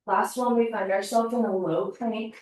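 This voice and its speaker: A woman's voice: medium pitch, fairly even intonation, moderate pace, a little mellow. A woman teaching a pilates workout, out of breath, counting down reps and encouraging, recorded on a laptop across the room. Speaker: pilates instructor. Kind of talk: workout cueing. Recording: echoey room, mic far off.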